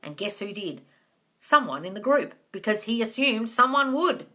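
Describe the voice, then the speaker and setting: A woman's voice: fairly high pitch, lively intonation, normal speed, bright, forceful tone. A woman hosting a live manifesting Q&A, blunt and sweary, calling her listeners darling and guys. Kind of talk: blunt casual live-stream advice. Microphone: phone or webcam on a live stream.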